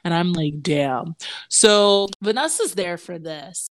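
A young woman co-hosting a casual chat, telling an animated story and laughing often. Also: on the low side, a little slow, a little hiss or hum.

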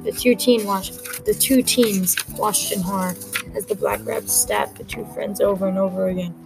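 A woman reading her own story aloud in a quick, plain manner, with music playing behind her. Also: mid-range voice, vocal fry, low-quality recording.

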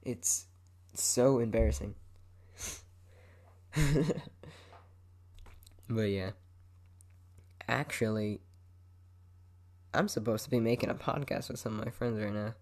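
A man's voice: fairly low pitch, slow pace, pauses often, darkish tone. Laid-back young man rambling on a podcast. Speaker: podcast host. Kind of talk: casual solo podcast monologue. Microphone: microphone, head moving around it.

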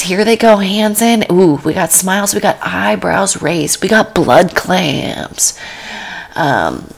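A woman's voice: mid-range voice, vocal fry, fairly bright tone, husky. A woman podcast host giving comedic commentary on a cooking show, with dry, rambling asides that often drop to a whisper.

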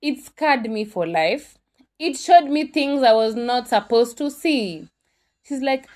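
Animated Kenyan young woman telling a story. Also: fairly high pitch, unhurried. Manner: dramatic, code-switching, exclamatory.

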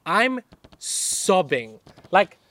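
A man's voice: high-pitched, very animated, drawn-out words, fairly bright tone, no room sound. A young man, co-hosting a casual podcast outdoors in a garden and retelling a film plot with lots of fillers. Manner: rambling storyteller, many fillers. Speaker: podcast co-host. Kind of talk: casual chat.

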